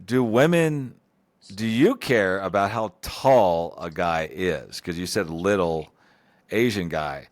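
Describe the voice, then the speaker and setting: A man's voice: deep voice, expressive, slow, no room sound. A man co-hosting a podcast, chatting in an easygoing way and asking questions. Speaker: podcast co-host. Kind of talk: casual chat.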